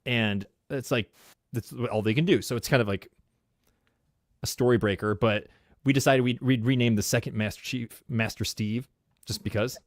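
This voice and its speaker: A man with a New York accent co-hosting a casual live-streamed podcast, excitable and rambling, laughing often. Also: medium pitch, moderate pace, dry recording, clean studio sound. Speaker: podcast co-host.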